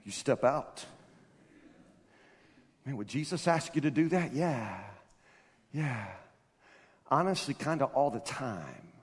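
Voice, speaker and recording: A man preaching a sermon as pastor. He talks conversationally, with laughing asides and stammered restarts, and builds up to loud, emphatic passages. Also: medium pitch, animated, slow, pauses often. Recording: reverberant hall.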